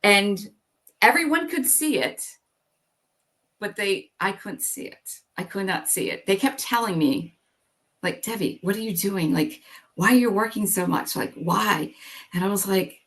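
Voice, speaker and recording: A woman's voice: medium pitch, animated, a little slow, fairly bright tone. A middle-aged woman telling her own story as an interview guest. She talks candidly, says "like" and "you know" often, and acts out her past thoughts.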